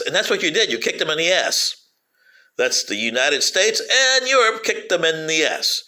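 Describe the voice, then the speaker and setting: A political commentator delivers a sarcastic, rambling monologue to camera, full of fillers, teasing his listeners with sing-song taunts and cackles. His voice is high-pitched, expressive, pushed and bright, at a moderate pace.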